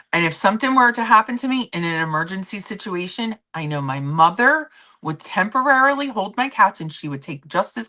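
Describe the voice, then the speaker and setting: Low-voiced chatty woman streamer. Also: bright, forceful tone. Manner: chatty, rambling, reads and answers chat comments. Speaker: livestream host. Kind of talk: casual chat with viewers.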